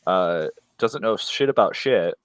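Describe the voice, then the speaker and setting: Blunt, profane male co-host, very low voice, dry close sound. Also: expressive, unhurried, smooth, no room sound. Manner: blunt, profane, mocking voices when quoting. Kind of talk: casual livestream chat.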